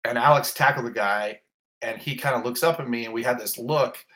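Guy in an interview telling a rough story, gets worked up, gasps and exclaims, lots of restarts. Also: mid-range voice, fairly quick. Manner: emotional, animated retelling with gasps and exclamations; rambling, many fillers and restarts. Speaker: interview guest.

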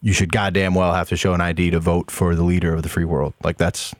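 A man's voice: low voice, little pitch movement, fast talker, no room sound, clean studio sound. A man in a casual political chat who talks bluntly and emphatically, with plenty of swearing.

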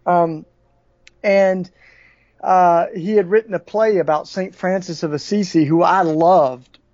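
A man with a Southern US accent, a podcast guest telling stories in a halting way with many restarts. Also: high-pitched, steady tone, a little mellow, no room sound. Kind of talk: conversational storytelling. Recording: dull, dry lo-fi audio.

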